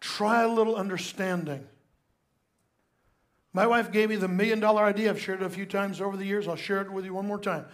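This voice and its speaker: High-voiced older male preacher. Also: little pitch movement, racing, few pauses. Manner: storytelling, swings from hushed to loud and emphatic. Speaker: pastor. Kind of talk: sermon.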